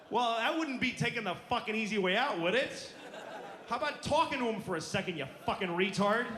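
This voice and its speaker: A man's voice: very high voice, very animated, fast talker, noisy background. A middle-aged man doing a stand-up routine on a club stage, ranting bluntly and profanely with exasperation, on a handheld mic. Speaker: stand-up comedian. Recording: roomy live club with audience laughter.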